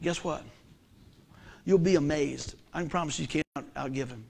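A man preaching a sermon, asking his listeners questions and swinging from loud, emphatic lines to hushed ones. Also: on the high side, moderate pace, vocal fry, husky. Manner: emphatic, asks the congregation questions.

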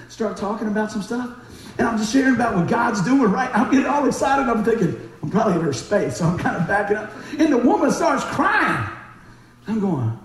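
A man delivers a sermon in a high, animated voice that leaps up and down. He tells stories fast, laughs often and acts out the people in them. The sound rings through a very echoey church hall. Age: 40s. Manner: talks fast. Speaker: preacher. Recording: very echoey room.

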